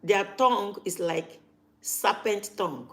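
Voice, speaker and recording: A woman's voice: medium pitch, expressive, measured pace. Emphatic woman vlogging. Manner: emphatic, repeats points for stress. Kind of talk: casual talk to camera.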